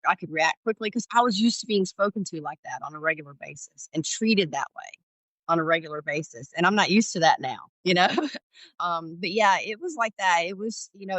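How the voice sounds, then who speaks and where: A woman's voice: lowish voice, fairly bright tone, dry recording, low-quality recording. A middle-aged woman from Georgia, a former ER paramedic, telling candid stories in an interview and acting out dialogue with animation. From Georgia, USA. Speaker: podcast guest, former ER paramedic. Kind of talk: storytelling interview.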